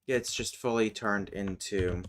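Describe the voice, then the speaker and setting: Slow, muttering man thinking aloud. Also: on the low side, a little hiss or hum. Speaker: streamer. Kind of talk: casual chat while working on a language.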